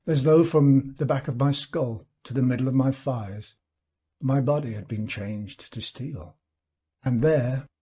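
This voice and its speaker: A man reading a classic short story aloud in a measured, expressive storytelling manner. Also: breathy edge. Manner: measured storytelling with lively pitch. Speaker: audiobook reader.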